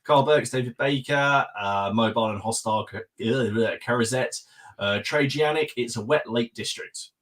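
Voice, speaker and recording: A male podcast host on a live stream, rattling off viewer greetings one after another and tossing in quick remarks between names. His pitch sits in an ordinary middle range for a man. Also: a bit bright.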